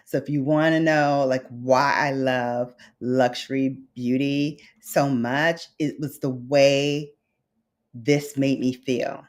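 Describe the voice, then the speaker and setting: A Brooklyn, New York woman with a bass voice speaks slowly in a steady tone. She's a beauty vlogger chatting casually with viewers on a livestream, heartfelt and nostalgic, calling them babes and honey.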